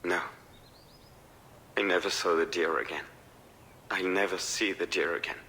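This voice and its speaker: A troubled man in a narrative game, with a fairly low voice and a strained, confessional delivery. He sounds like he is finally letting out what he has held back for a long time. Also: steady tone, unhurried, sharp tone, full character voice. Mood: wistful. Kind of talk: video game voice acting.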